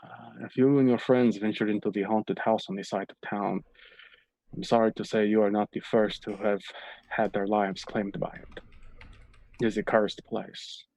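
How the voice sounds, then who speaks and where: A weary, kindly villager, as a man plays him in a tabletop game. He speaks calmly and somberly, in a slightly low, unhurried voice. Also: gravelly, no echo. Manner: calm, measured and somber. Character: weary, kindly male villager offering wine.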